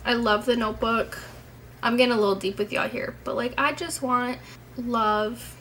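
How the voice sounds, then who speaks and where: A woman's voice: a little high, fairly even intonation, moderate pace, fairly bright tone, a little hiss or hum, low-quality recording. A young woman chatting casually to her camera at home as a vlogger, rambling and candid, swearing now and then.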